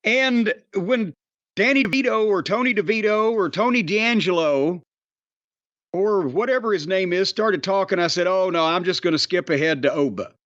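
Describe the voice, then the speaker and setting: A man with a fairly high voice rants bluntly and profanely, exasperated by what he is reviewing. The sound is dry and a little dull, like a lo-fi podcast recording. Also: moderate pace, fairly bright tone, no room sound. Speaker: wrestling commentator.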